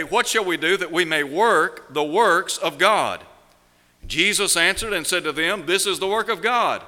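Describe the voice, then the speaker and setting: A man preaching a sermon, asking rhetorical questions and slowing down to stress key words. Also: fairly high pitch, bright, forceful tone, long reverb tail. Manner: measured preaching, slows down for emphasis, rhetorical questions.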